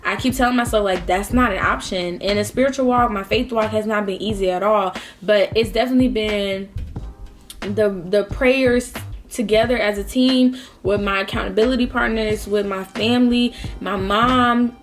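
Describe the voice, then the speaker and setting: A woman's voice: mid-range voice, steady tone, normal speed, soft background music. A woman in her twenties talking casually while eating, heartfelt and rambling, with lots of fillers. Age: 20s. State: close to tears at times. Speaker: vlogger. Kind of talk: casual mukbang talk.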